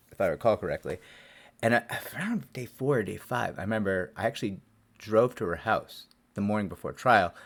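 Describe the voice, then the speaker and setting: A man's voice: fairly low pitch, a bit bright. A man, a lawyer, telling a story to camera in a rambling, self-deprecating way with many restarts.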